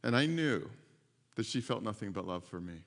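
A man preaching a sermon as pastor, animated and repeating his phrases, with frequent laughs. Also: lowish voice, moderate pace, vocal fry. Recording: long hall reverb.

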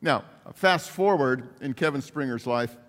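A man's voice: medium pitch, unhurried. A man preaching a sermon in a storytelling way, acting out the voices in his anecdotes and laughing often. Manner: animated, acts out quotes, laughs often. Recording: long hall reverb.

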